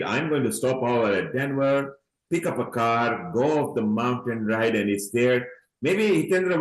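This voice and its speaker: A man's voice: mid-range voice, roomy sound, low-quality recording. A man hosting an online event in a chatty way, calling people honey and urging everyone on over a video call. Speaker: event host. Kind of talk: casual online event talk.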